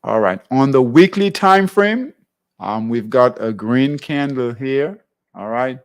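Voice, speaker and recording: A man's voice: mid-range voice, expressive, takes it slowly. Guy running a live trading lesson, casual, keeps saying all right? to viewers, mid-range voice. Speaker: trading show host. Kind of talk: live trading class walkthrough.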